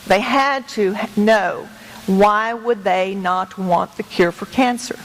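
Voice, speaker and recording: A woman's voice: mid-range voice, takes it slowly, a little hiss or hum, poor audio. A middle-aged woman educator giving an earnest, emphatic talk to a meeting as a guest speaker, speaking conversationally. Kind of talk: public talk to a meeting with slides.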